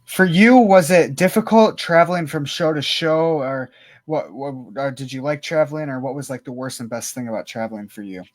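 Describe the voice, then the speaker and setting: A man hosting a casual interview podcast, asking relaxed questions and giving short replies. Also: a little high, normal speed. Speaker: podcast host.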